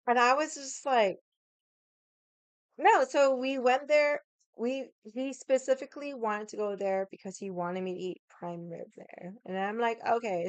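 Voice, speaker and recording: A woman's voice: mid-range voice, smooth, dry recording. Blunt, profane woman ranting, dry close sound. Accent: Boston. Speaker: vlogger. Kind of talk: casual rant to camera.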